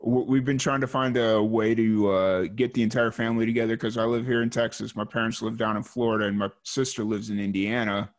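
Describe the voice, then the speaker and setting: A man from Chicago with a Chicago accent, hosting a casual interview, friendly and conversational with quick agreeable replies. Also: on the low side, flat delivery. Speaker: podcast host.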